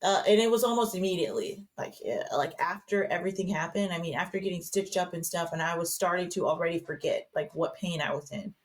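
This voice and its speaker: A woman's voice: lowish voice, quick pace, hardly any pauses. A woman guest on a podcast, telling a personal story in a chatty way with lots of fillers and restarts. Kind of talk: casual podcast conversation.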